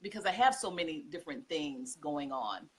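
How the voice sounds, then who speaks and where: Homeschool mom guest, forties, husky, emotional storyteller. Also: female voice, low-pitched, moderate pace. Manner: heartfelt, tearful, expressive storytelling. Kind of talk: emotional podcast interview.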